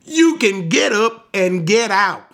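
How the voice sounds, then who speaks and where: A man's voice: high voice, big pitch swings, slow pace, fairly bright tone, exaggerated voice. A man voicing indignant male religious leaders who mock and talk down to someone with slangy put-downs. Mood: scornful.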